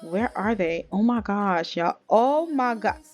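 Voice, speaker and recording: A woman's voice: mid-range voice, animated, slow, a little mellow, soft background music. Chatty young woman narrating a game. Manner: chatty, playful, addresses viewers as "y'all", laughs often. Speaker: gaming video creator. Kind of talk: casual let's-play narration.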